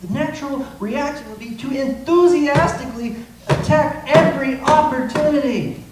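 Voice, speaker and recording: A pastor with an extremely high voice preaches at normal speed in a church sanctuary, impassioned and acting out quotes. The mic is far away, so the room echoes and there's faint noise.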